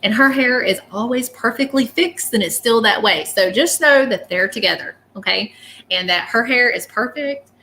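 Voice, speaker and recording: A woman delivers a live-stream psychic reading in a bright, sharp-edged voice. Her talk is chatty and rambling, and she keeps checking in with her viewers as she goes. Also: on the high side, moderate pace, a little hiss or hum. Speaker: psychic medium.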